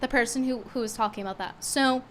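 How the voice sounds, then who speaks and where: In a casual commentary stream, a woman talks with animated sarcasm, bursting into indignation and going slightly hoarse. Her voice is on the high side and a bit bright, and she speaks fast. Slight background noise is audible.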